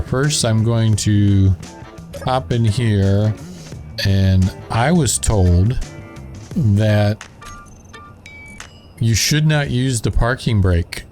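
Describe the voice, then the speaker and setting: A man's voice: fairly low pitch, a little mellow. A man with a Southern drawl chatting casually as he plays and narrates a building game, thinking aloud as he works. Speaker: gaming channel host.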